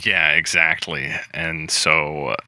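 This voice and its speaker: Deep, bright-toned man recapping a film. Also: slow, dry recording. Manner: animated retelling, acts out quoted lines, swears freely. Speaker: podcast co-host. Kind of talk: casual chat recapping a film.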